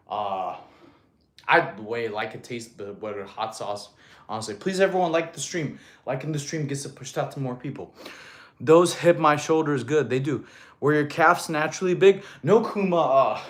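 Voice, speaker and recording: A fitness coach, a man, chatting casually on a live stream, reading viewers' comments aloud, joking, laughing often and calling people bro. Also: mid-range voice. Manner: counts out push-ups between answers.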